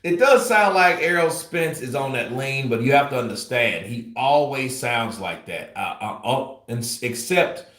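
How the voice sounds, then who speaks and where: A man's voice: mid-range voice, animated, normal speed, hardly any pauses, fairly bright tone. Guy riffing on boxing news, lots of um and you know, blunt, echoey room. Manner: rambling, filler-heavy, blunt. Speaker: boxing commentator. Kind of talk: casual commentary. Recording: roomy echo.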